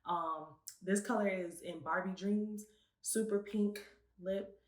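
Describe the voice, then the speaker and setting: A young woman co-hosting a casual review chat. She talks in an animated, chatty way and laughs easily. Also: mid-range voice, takes it slowly. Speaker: co-host and beauty segment presenter. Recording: echoey room.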